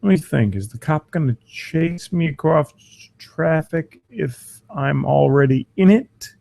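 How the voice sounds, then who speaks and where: A man's voice: fairly high pitch, unhurried, vocal fry. A man hosting a crude comedy podcast, swearing and mocking the news, his voice strained. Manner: profane, mocking, animated. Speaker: podcast host.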